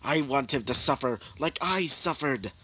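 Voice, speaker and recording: A man's voice: mid-range voice, lively intonation, sharp tone, breathy edge, no room sound. A man doing a vengeful woman villain. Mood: vicious command. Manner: slow, drawn-out threats. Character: vengeful young woman villain, cold and menacing.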